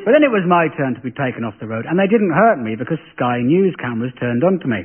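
A man hosting a comedy show, telling a story in an arch, camp, deadpan way. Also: medium pitch, fast talker, husky. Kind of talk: stand-up monologue. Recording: tinny lo-fi broadcast audio.

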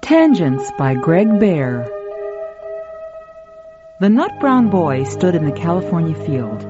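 A woman narrating a story in an expressive, scripted reading. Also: on the low side, slow pace, over music. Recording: dull lo-fi, dry.

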